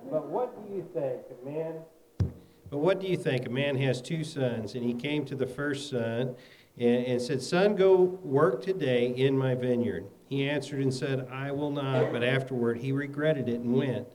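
A man's voice: mid-range voice, normal speed, noisy background. Man reading scripture aloud in church. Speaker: scripture reader. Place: church hall.

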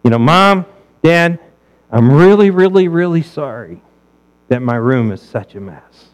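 A man's voice: on the high side, animated, measured pace, rough recording. A man voicing a remorseful child who pleads with a parent not to be punished. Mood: apologetic. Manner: pleading, overly apologetic.

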